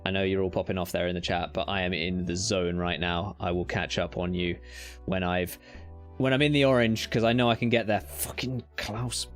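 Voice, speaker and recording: Excitable British man streaming a game. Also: low-pitched, a little fast, soft background music. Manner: excitable, swings between loud cheering and muttered whispers; swears casually and talks to himself. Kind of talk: live gameplay commentary.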